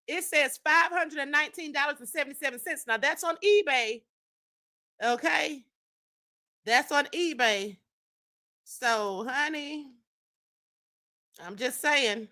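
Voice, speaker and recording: This live-stream host's voice sits high and sounds bright and pushed. She reads chat comments from viewers and chats in a casual, sassy way, regularly calling listeners "honey" and "child."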